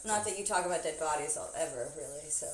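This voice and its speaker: A woman's voice: deep voice, fast talker, a little hiss or hum. A woman streaming from a barn on a farm, talking in a dry, teasing way. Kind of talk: casual chat. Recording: echoey barn.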